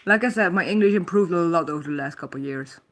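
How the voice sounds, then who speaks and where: A woman's voice: fairly low pitch, fast. A woman with a Dutch accent, chatting casually on her live stream, reading comments aloud and laughing often. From Netherlands. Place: her home.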